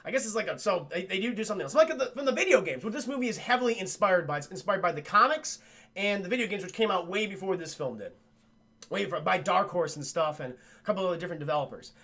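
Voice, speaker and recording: Young guy streamer ranting about a movie to chat, swears a lot, high raspy voice. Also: fast talker. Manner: excitable, swearing, laughs often. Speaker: film review streamer. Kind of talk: casual film recap talking to live chat.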